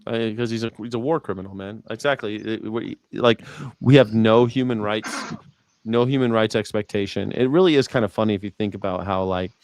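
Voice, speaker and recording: A man's voice: lowish voice, a little fast, darkish tone, smooth, dry recording. A man hosting a livestream, chatting casually and reading viewer comments aloud with a rambling delivery. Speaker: livestream host. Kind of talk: casual political chat.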